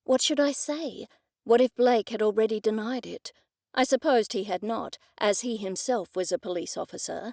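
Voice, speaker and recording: A woman narrating a first-person cozy mystery audiobook in a measured, expressive storytelling manner. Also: a little high, gravelly, no room sound, studio quality.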